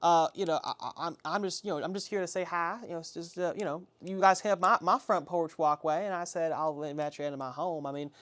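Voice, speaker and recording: A man's voice: on the high side, fast talker, hardly any pauses, a bit bright, lightly acted. A man voicing a middle-aged farm mother who rambles with many hesitant fillers. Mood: rambling.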